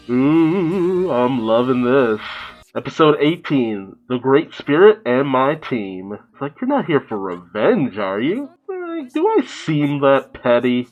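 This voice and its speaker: A man's voice: mid-range voice, sing-song, measured pace, dull audio. A man hosting an anime reaction, joking, swearing and laughing often as he mock-quotes the characters. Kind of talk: casual reaction commentary.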